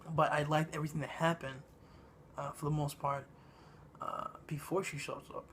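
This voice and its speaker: A man giving a casual spoken movie review, halting and meandering, with lots of ums and uhs. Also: on the high side, flat delivery, fairly bright tone, a little hiss or hum. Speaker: film reviewer.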